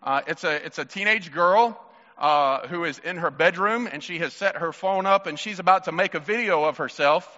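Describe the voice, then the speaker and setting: Male preacher, animated and joking with the crowd, slightly dull hall sound. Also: high voice. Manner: animated, playful, talks to the crowd. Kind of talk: sermon.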